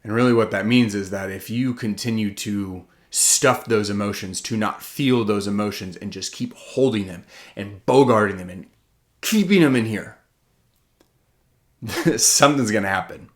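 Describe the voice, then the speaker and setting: Earnest low-voiced man giving a heartfelt talk. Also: normal speed. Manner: earnest, self-questioning, swings from loud to hushed. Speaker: author and motivational speaker.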